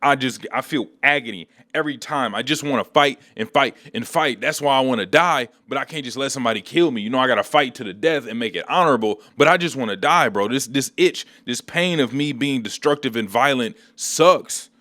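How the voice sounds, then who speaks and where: A man's voice: mid-range voice, brisk, hardly any pauses, sharp tone, natural voice. A man doing Battle Beast, a blunt beast warrior. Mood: weary. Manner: blunt slangy trash talk. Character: gruff battle-hungry male beast warrior, blunt and rude.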